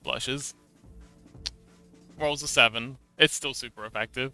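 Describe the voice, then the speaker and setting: A man's voice: mid-range voice, steady tone, measured pace, bright, forceful tone, poor audio. A man from Hong Kong chatting casually with his livestream chat while he models an avatar, with many fillers and restarts. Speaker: VTuber streamer. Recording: dry close mic, faint background music.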